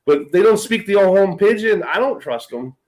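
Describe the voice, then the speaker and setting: A man's voice: high-pitched, lively intonation, normal speed, darkish tone, low-quality recording. A man from California's Central Valley, co-hosting a podcast, chatting in a rambling, crude and jokey way. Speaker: co-host. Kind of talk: casual podcast chat.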